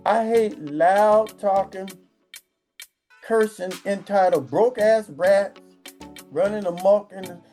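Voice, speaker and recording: Woman, vlogger, profane comedic rant, crude swearing, mellow timbre. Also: medium pitch, takes it slowly, pauses often, soft background music. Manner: crude, swearing, acts out quoted voices.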